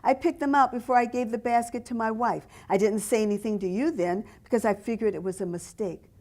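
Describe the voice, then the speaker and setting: A woman reading the lines of a firm, decisive father who speaks plainly and in a measured way. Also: fairly high pitch, a little mellow, close to an everyday voice. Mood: stern. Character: stern firm family father, calm and decisive.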